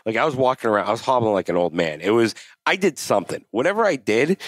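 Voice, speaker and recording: A man's voice: medium pitch, very animated, fast, dry recording. A man co-hosting a podcast who talks casually with blunt, emphatic reactions. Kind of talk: casual chat.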